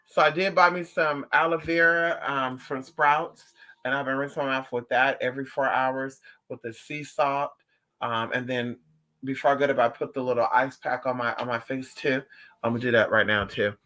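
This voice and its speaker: A man hosting a casual livestream, telling stories in an animated, profane and sassy way while answering viewers. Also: medium pitch, moderate pace. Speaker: livestream host.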